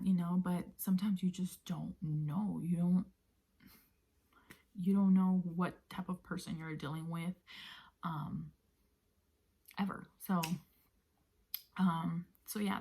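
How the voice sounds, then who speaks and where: A woman vlogger casually telling a personal story, often sinking into a breathy near-whisper, with many fillers. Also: fairly low pitch, steady tone, slow pace, long pauses, warm tone. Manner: conversational with many fillers like "you know".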